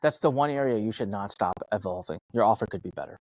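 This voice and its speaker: A man talks quickly and emphatically as a podcast guest, acting out his own thoughts in punchy asides. His voice leaps up and down with lively energy. The sound is dry and close, with no room around it. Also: on the low side, no echo. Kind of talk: animated advice talk.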